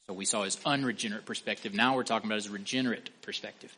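A man preaching an expository sermon, emphatic, asking the listeners questions and slowing down or speeding up for stress. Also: lowish voice, steady tone, sharp tone, breathy edge. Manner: emphatic, asks the listeners questions, varies pace and volume for stress.

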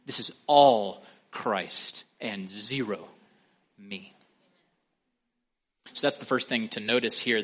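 A man preaching an expository sermon, emphatic, asking the listeners questions and slowing down or speeding up for stress. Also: medium pitch, fairly bright tone. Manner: emphatic, asks the listeners questions, varies pace and volume for stress.

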